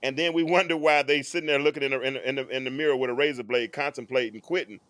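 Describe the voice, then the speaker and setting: A man's voice: mid-range voice, fairly even intonation, rapid-fire, fairly bright tone, dry recording. Earnest man lecturing, dry close sound. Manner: earnest, lecturing about parenting, repeats and restarts phrases as he builds a point. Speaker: host. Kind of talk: casual live-stream talk to his audience.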